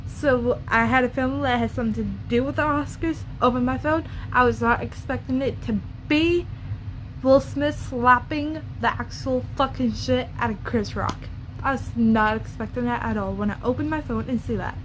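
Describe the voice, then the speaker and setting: A woman's voice: on the high side, moderate pace, a bit bright, soft background music. Blunt, cursing woman on a vlog rant. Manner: blunt, profane, ranting. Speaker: YouTuber.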